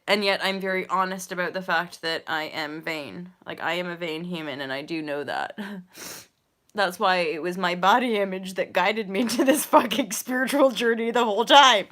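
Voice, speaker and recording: A woman's voice: mid-range voice, fairly bright tone. A woman in her thirties, a yoga teacher hosting a casual livestream, talking candidly, swearing freely and laughing often. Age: 30s. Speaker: yoga teacher and channel host.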